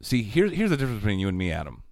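A man's voice: lowish voice, huge pitch swings, rapid-fire, darkish tone. A man co-hosting a podcast, teasing his partner and reading out news headlines in casual chat. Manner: teasing, wry. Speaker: podcast co-host.

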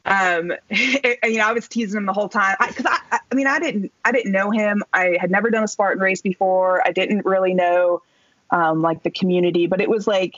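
A woman tells a story at a lively clip, chatty and salty, mimicking the people in it. The audio is a little dull and lo-fi. The room sounds dry and close. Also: medium pitch, fairly quick, no room sound. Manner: animated, chatty, salty language, acts out quotes. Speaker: guest, Marine Corps major. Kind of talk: casual storytelling.

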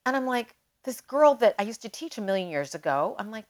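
A woman guest on a podcast, telling a personal story in a casual, animated way and leaning often on "like". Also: on the high side, a little fast. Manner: animated, emotional storyteller who leans on "like".

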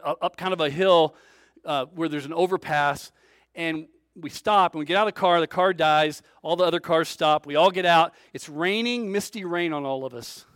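A man preaching, telling a story with big swings between loud and soft and acting out the voices of the people in it. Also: on the high side, normal speed, clear, resonant tone, no room sound, studio quality. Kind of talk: storytelling sermon.

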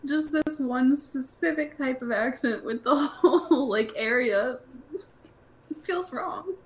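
A young woman hosting a casual podcast, talking in an animated, chatty way with lots of fillers. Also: sits high, slow pace. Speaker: podcast host.

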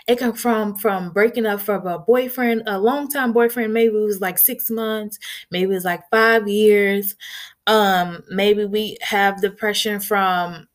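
A young woman vlogger talking candidly and earnestly in a conversational way, with frequent filler phrases. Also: mid-range voice. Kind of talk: candid personal talk.

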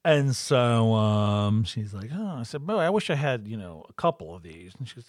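A man's voice: fairly low pitch, sing-song, normal speed, dry recording, clean studio sound. A man casually chatting as co-host, telling a story with lots of swearing and acted-out quotes. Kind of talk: casual chat.

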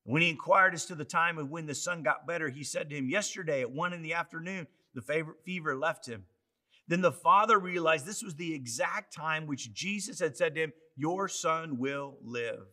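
A man preaching with a high, bright, ringing voice. He is fervent and emphatic, and his volume swings from hushed asides to loud declarations in a full sermon. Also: a little fast. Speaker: pastor. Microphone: online church service.

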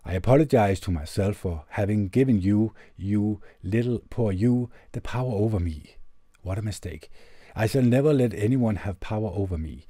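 A male podcast host reads a heartfelt letter aloud, then reflects on it in an earnest, measured, gentle way. His voice sits on the low side, captured on a tube condenser studio mic with no room sound.

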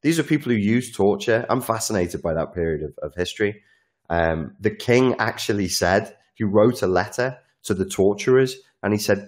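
Deep-voiced, animated man monologuing. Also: normal speed. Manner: animated, swearing, acts out quotes. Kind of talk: casual monologue.

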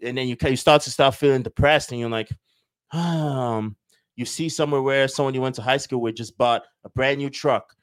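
A male podcast host talking through a motivational monologue in a mid-pitched voice. He lectures in a preachy way, jokes around and slips into quick acted-out exchanges with imagined people. The sound is dry and close, with no room around it. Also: smooth, no echo. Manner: preachy, joking, acts out little dialogues.

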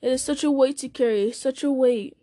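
A woman's voice: high voice, a little fast, dark tone, no room sound, clean studio sound, natural voice. A woman voicing a weary, burdened male hobbit who speaks in a sorrowful, strained way. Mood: despairing.

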